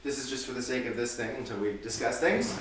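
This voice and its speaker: A man's voice: mid-range voice, fast talker, fairly bright tone, a little hiss or hum. A man acting as dungeon master who hosts and narrates a tabletop game like an announcer and laughs often. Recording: echoey room, from far off.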